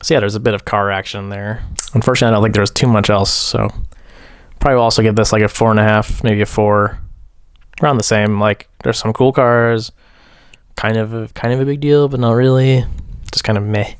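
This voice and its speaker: A man's voice: fairly low pitch, steady tone, a little fast, clear, resonant tone, dry recording. A young man casually reviewing films as host, rambling with fillers in a wry, dismissive way. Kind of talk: casual film review chat.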